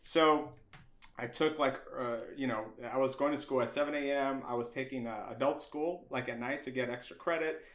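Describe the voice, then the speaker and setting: A middle-aged man, a guest on an interview podcast, telling stories from his youth in a casual, animated way and acting out the voices of people he quotes. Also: mid-range voice, normal speed. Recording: roomy echo.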